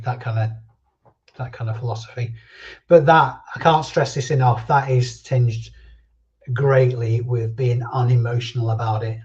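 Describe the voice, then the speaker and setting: A man hosts a loose live stream chat, answering viewers as he goes. His voice is mellow and low in the treble, and the stream audio sounds a little dull and lo-fi. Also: fairly even intonation, normal speed. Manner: chatty, answers viewer comments and drifts between thoughts.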